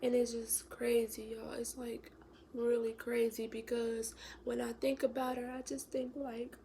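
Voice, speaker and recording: Tearful young woman with a gravelly voice. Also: on the high side, level tone, measured pace, mellow, a little hiss or hum. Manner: emotional, tearful, drops to a whisper. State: close to crying. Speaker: vlogger. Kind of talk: storytime vlog.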